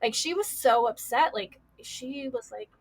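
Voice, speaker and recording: A woman's voice: high-pitched, a little slow, husky. A young adult woman, a podcast guest, telling a painful personal story with many fillers and quoted voices.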